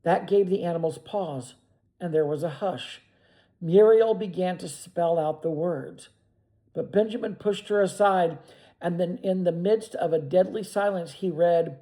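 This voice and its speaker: A man narrating a book aloud in a steady, measured reading voice. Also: high voice, rough recording. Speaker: reader of books. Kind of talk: audiobook narration.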